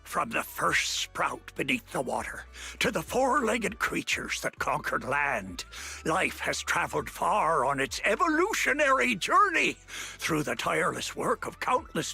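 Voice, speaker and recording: An actor voicing an old, pirate-like grandpa with a raspy, theatrical showman's delivery in a video game. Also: high-pitched, bright, forceful tone, heavily acted. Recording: game audio with faint music.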